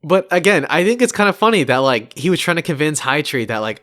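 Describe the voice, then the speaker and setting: Male podcast host, a bit high-pitched and animated, mocking, laughs a lot. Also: fast talker, hardly any pauses. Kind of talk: casual podcast chat.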